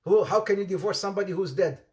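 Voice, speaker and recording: Animated male preacher, high voice. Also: fast. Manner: animated storytelling, mixes English with Arabic phrases; laughs at his own stories, acts out quoted voices. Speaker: Islamic preacher. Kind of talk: informal sermon with humorous anecdotes.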